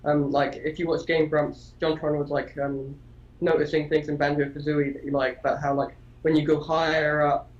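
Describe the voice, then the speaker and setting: A man's voice: a little high, level tone, normal speed, highs cut off. A man co-hosting a gaming podcast in casual chat, rambling with lots of restarts and casual swearing. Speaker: podcast co-host.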